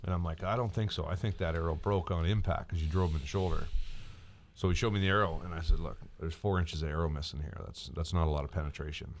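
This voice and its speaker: Deep-voiced man telling a hunting story. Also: steady tone, quick pace, slight background noise. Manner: long anecdote, repeats words, quotes himself. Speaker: podcast co-host. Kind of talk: casual storytelling chat.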